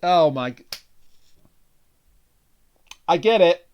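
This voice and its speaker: A man co-hosting a casual review podcast, wry and quick to laugh as he recaps scenes. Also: high voice, expressive, clear, resonant tone, muffled recording. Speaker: podcast co-host.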